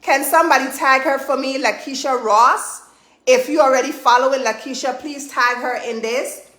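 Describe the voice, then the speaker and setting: A woman hosting a live stream as a trainer, chatty and energetic, driving her points home with repeated "okay?". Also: high voice, moderate pace, reverberant. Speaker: host and trainer. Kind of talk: live-streamed motivational chat.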